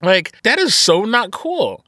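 A man co-hosts a casual movie review podcast, animated and quick to swear and laugh. His voice sits a little high and sounds bright. The sound is dry and close, with little room around it. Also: no room sound. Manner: animated, profane, laughs often. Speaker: podcast co-host.

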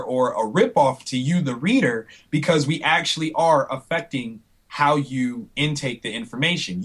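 A comic book creator talks in a casual interview, lively and animated. His voice sits fairly high for a man. He slips into other voices as he tells stories. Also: slightly rough. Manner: animated storyteller, acts out quotes.

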